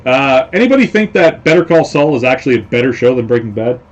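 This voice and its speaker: A man's voice: mid-range voice, sing-song, fast, highs cut off. A man hosting a casual live stream, rambling along with lots of fillers and repeated phrases. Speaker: host.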